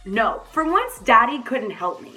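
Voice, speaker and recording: Young woman for a casual storytime vlog; bright, forward voice, lively and profane, with faint music underneath. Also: a little high, measured pace. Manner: animated, swears freely. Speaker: vlogger.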